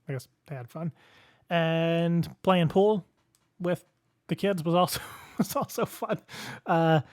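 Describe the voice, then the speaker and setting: A man's voice: on the high side, darkish tone, no echo, clean studio sound. A young man hosting a podcast alone, telling a rambling story in casual chat, often chuckling at himself. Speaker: podcast host.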